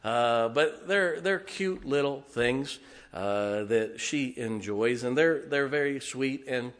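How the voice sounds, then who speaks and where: Speaking slowly from a church sanctuary, this middle-aged pastor has an animated, medium-pitched voice. He mixes folksy humor with emotional asides and leans often on "uh."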